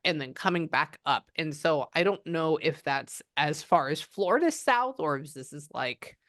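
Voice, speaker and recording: A woman's voice: low voice, animated, moderate pace, a bit bright, no room sound, clean studio sound. A woman psychic medium giving a client reading, chatting and often quoting the spirit's messages.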